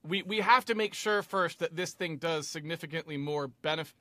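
A man's voice: fairly high pitch, sharp tone, no echo. A man hosting a casual panel chat, joking and often checking in with "right?". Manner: quick, joking, says "right?" a lot. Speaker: podcast host.

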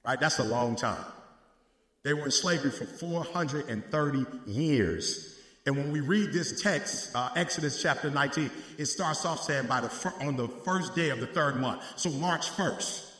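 A man preaching a sermon in call-and-response style, climbing into shouted peaks and dropping back to quick asides to the congregation. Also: fairly high pitch. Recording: echoey hall, roomy.

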